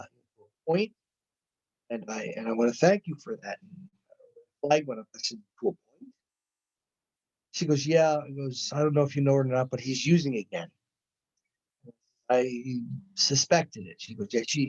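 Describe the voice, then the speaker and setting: Husky guy lecturing, retelling a therapy case with all the back and forth, kinda dull lo-fi audio. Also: medium pitch. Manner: animated retelling with quoted dialogue. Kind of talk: storytelling lecture.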